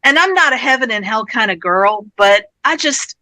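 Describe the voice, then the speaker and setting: A woman's voice: fairly high pitch, lively intonation, moderate pace, low-quality recording. A woman on a convention panel, chatting and retelling stories with feeling and plenty of ums. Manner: chatty, retells stories with warmth and many fillers.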